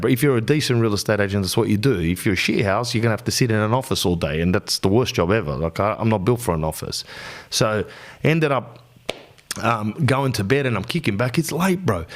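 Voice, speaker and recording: An Australian man hosting a podcast, telling a casual story in slangy talk, peppered with "bro" and acted-out quotes. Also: mid-range voice. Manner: animated, slangy, says "bro" often, acts out quotes. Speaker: podcast host.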